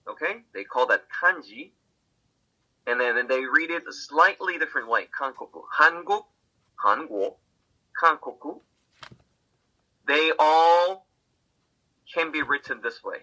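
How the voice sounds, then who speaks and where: A man's voice: on the high side, pushed and bright, low-quality recording. A man teaching a language class, often checking in with the room and repeating words. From Korea. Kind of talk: classroom lecture.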